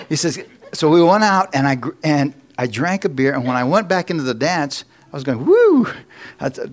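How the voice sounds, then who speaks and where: A man preaching in church, telling a story with acted-out quotes and little jokes. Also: mid-range voice. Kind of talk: sermon testimony.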